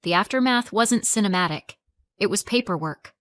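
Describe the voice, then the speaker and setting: A woman narrating a story in a calm, measured storytelling voice. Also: medium pitch, no echo, clean studio sound.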